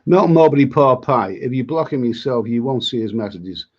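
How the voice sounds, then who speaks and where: A man's voice: mid-range voice, normal speed, breathy edge, highs cut off. A man hosting a live stream, chatting to viewers in a rambling way, often repeating himself and restarting his words. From Britain. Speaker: travel vlogger hosting a live chat. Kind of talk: live-stream chat, reading viewer comments.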